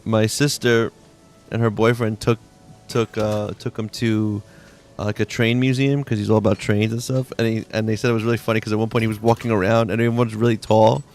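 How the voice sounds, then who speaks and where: Gravelly laid-back male game streamer. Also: lowish voice, flat delivery, fairly quick, darkish tone, slight background noise. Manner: laid-back, rambling, slangy with many "like"s. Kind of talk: casual live-stream chat while playing.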